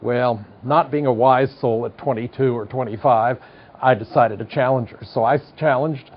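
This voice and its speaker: A man's voice: mid-range voice, normal speed, a little hiss or hum. Older male lecturer, 60s, General American accent, wry and digressive, muffled studio tape. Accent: General American, slight Midwestern twang. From United States. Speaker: psychology professor. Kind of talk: televised university lecture. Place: studio classroom.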